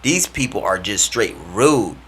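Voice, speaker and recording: A tired, fed-up Jesus who talks in a plain, casual way, as a man acts him out in his own low voice. He sounds weary and speaks in a low register. The tone stays close to everyday speech. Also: lively intonation, measured pace, slightly rough, heavily acted. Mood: exasperated. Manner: exasperated, then hushed and gentle. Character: weary, fed-up Jesus, later tender and forgiving.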